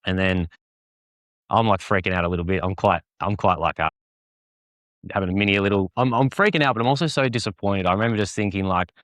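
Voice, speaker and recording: A man's voice: low-pitched, fast, fairly bright tone, no room sound, clean studio sound. A young man, a podcast guest telling a personal story in a rambling way with many fillers. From Australia. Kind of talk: personal testimony in casual conversation.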